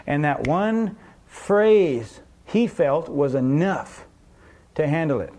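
A man's voice: on the high side, lively intonation, takes it slowly, dark tone. A man preaching a sermon as pastor, in a conversational way, asking the congregation rhetorical questions and acting out little scenes.

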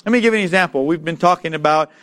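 High-voiced man preaching emphatically. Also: a bit bright. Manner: emphatic, calls for congregation responses, slows to read scripture. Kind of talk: sermon.

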